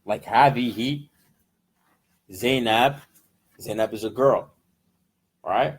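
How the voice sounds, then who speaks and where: Husky-voiced American man teaching a class. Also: mid-range voice, slow, long pauses. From United States. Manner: checks in constantly with "right?"; explains patiently, switching between English and Arabic words. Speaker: Arabic teacher. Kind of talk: classroom lesson. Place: in-person class with students.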